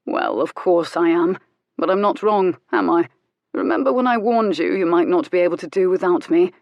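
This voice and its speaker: A woman's voice: fairly low pitch, lively intonation, normal speed, creaky, darkish tone, no echo, dull audio. A woman voicing an arrogant adult male duke who needles and teases in a cool, mocking way.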